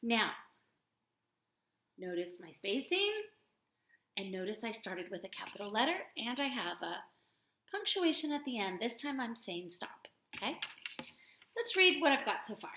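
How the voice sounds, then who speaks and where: A woman teaching young children to write a letter, talking slowly and stretching out sounds. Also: on the high side, big pitch swings, pushed and bright, reverberant. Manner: slow, sing-song teacher voice that stretches out sounds. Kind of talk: remote writing lesson for young children.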